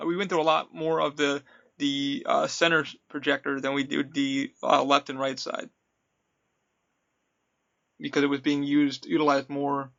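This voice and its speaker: Chatting casually on his podcast, a man who used to work at an attraction tells animated stories full of acted-out quotes. His voice runs on the high side and sounds creaky, with the highs cut off in the recording.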